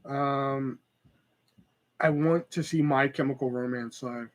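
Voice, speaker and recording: A man's voice: medium pitch, fairly even intonation, slow pace, low-quality recording. A man in his thirties hosting a casual solo podcast, rambling and profane with lots of fillers and stutters. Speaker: podcast host.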